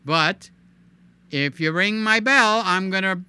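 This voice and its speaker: A man hosting a live stream in casual, animated chat, cooing in baby talk and reading viewer comments aloud. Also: high voice, slow pace, clear, resonant tone. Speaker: livestream host.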